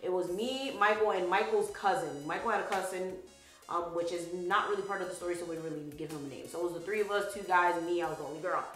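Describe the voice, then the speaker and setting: A woman's voice: on the low side, fast, roomy sound, faint music behind, rough recording. Sassy young woman telling a story. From Haitian background. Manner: animated, sassy, swears freely. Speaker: vlogger. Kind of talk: casual storytime.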